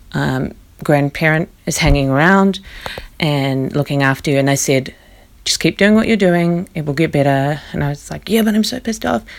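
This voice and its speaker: A woman with a low voice shares a personal spiritual vlog. She sounds tired and talks in a candid, reflective, rambling way. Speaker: vlogger.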